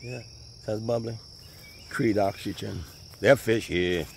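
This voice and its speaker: Low-voiced man walking outdoors. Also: measured pace, vocal fry. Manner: folksy, conversational, Southern US speech. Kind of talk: casual walking video tour. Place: outdoors by a pond in the countryside. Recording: faint outdoor noise. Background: birds and insects.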